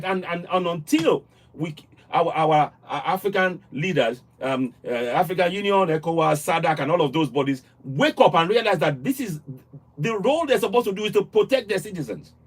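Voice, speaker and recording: A man hosting a live call-in show, talking earnestly with frequent restarts and repeated words. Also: on the high side. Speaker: livestream host.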